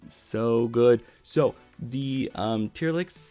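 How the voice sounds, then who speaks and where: A man's voice: medium pitch, drawn-out words, mellow, soft background music. A young man streaming live, gushing thanks to his viewers with many fillers and repeated words. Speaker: VTuber streamer. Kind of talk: excited live-stream chat.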